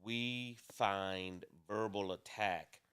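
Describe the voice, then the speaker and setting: A man co-hosting a casual talk show about marriage, speaking in a deliberate, measured way with some restarts. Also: fairly low pitch, steady tone, a bit bright, clean tone. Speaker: co-host.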